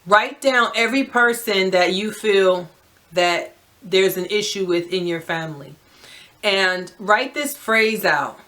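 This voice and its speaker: A woman's voice: medium pitch, takes it slowly. A woman from New Jersey with a New Jersey accent, giving emphatic, direct life advice to camera and often checking in with "right?". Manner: naturally loud. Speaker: advice vlogger.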